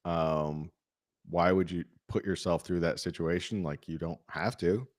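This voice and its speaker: A man co-hosting a podcast rambles through casual chat, full of fillers. His voice is low and steady, and he takes his time.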